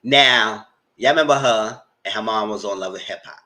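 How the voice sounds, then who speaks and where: Bright-voiced man doing chatty TV recaps. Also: moderate pace. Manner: chatty, animated, mock-quotes people in a high voice. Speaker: TV recap host. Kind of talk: casual TV recap commentary.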